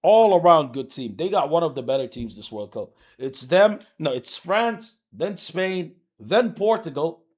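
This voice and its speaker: A man's voice: on the high side, expressive, unhurried, a little mellow, breathy edge. A man live streaming, ranting heatedly and profanely about soccer, repeating himself as he argues with his chat.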